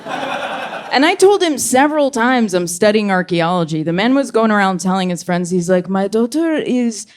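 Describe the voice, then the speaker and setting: A young woman with a medium-pitched voice does a stand-up set for a live comedy club audience. Her punchlines come out deadpan, and she drops into quick character voices as she tells her stories.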